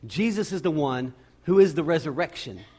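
A male pastor preaching a sermon, retelling a scripture story with dramatic pauses and repeated words. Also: fairly high pitch, animated, a little mellow, slightly rough.

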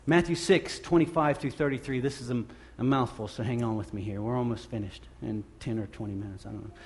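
A man's voice: mid-range voice, steady tone, fast. A middle-aged man preaching a sermon in a conversational, self-deprecating way, with emphatic rises. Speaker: pastor.

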